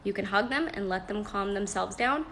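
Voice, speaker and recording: Chatty gravelly-voiced young mother. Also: mid-range voice, lively intonation, moderate pace, a little hiss or hum. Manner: chatty, practical, with frequent fillers and soft laughs. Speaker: parenting advice host. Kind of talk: casual live-stream talk. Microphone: phone.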